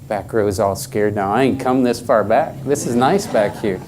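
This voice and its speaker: A man's voice: fairly low pitch, normal speed, darkish tone, a little hiss or hum. A middle-aged man giving a workshop talk at a conference, emphatic and joking with the audience. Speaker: conference speaker.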